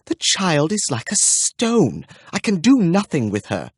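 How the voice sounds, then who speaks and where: A man's voice: on the high side, wildly swooping pitch, unhurried, slightly rough, dry recording, studio quality, pitched above the performer's own voice, heavily acted. A man voicing a fretful, spiteful stout governess who complains in a moaning contralto. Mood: whining. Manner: whining, hand-wringing complaint.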